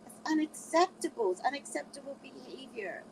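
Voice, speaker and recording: A woman's voice: sits high, brisk, slight background noise, poor audio. A middle-aged woman giving casual motivational advice, acting out quoted voices as she talks. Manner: animated, quotes others in changing voices. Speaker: speaker giving life advice.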